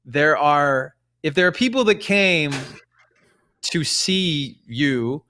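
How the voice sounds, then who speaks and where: A man's voice: on the high side, expressive, slow, sharp tone, a little hiss or hum. A man in his forties, a musician guest, chatting casually in an interview and rambling with many restarts.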